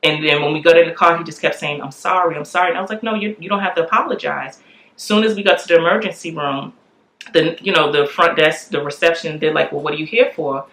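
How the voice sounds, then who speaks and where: A woman in her forties telling a candid family story in a lively way, acting out the voices of the people in it. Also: deep voice, fast. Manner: animated, acts out quoted voices. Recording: echoey room.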